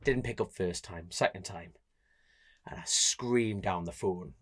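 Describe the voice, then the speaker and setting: A man's voice: moderate pace, slightly rough. A man with a Geordie accent, a road racer and podcast co-host, telling stories in casual chat and acting out the quotes. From North East England. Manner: animated, laughing, acts out quotes with big pitch jumps.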